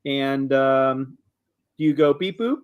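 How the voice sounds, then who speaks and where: Male game master narrating a tabletop game, unhurried and halting, everyday mid-range voice. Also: mid-range voice, smooth, dull audio. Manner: relaxed, hesitant, many ums.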